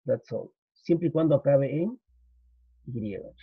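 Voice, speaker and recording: Husky man teaching English with a Spanish accent. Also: mid-range voice, lively intonation, no room sound. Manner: explains slowly, repeats, switches into Spanish for students. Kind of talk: recorded grammar lesson. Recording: dull lo-fi.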